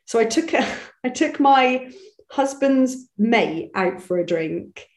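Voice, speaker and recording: A woman's voice: fairly high pitch, animated, slow, darkish tone. A woman with a lilt talks easily and at length, circling back and restarting her sentences as she goes. She is recorded in a roomy space, and her voice rings a little off the walls. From Bristol, England. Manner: chatty, self-deprecating, many restarts. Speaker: voice actress guest. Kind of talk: casual interview chat. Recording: echoey room.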